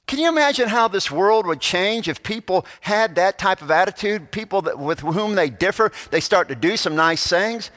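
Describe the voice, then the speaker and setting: A man's voice: high voice, animated, moderate pace, few pauses, fairly bright tone. A male pastor giving a sermon, telling stories and acting out the people in them. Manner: storytelling, voices quoted characters. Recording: long church reverb.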